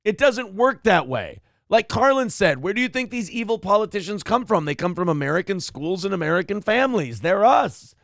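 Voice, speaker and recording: A man's voice: high voice, very animated, fairly quick, few pauses, fairly bright tone, no echo, clean studio sound. A man hosting a comedic political show, ranting in a sarcastic, mocking and profane way. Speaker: podcast host.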